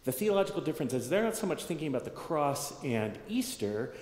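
Preaching in a church sanctuary whose echoey hall leaves a long reverb, a pastor teaches his congregation in a conversational sermon. He thinks out loud, restarts phrases, and checks in with listeners. His fairly high-pitched, darkish voice is very animated, and he talks fast.

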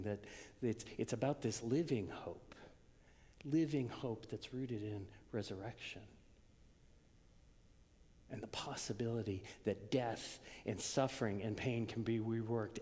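Gravelly-voiced preacher in a reverberant hall. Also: male voice, on the low side. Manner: dramatic swings from loud to hushed whispers. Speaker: pastor. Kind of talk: sermon.

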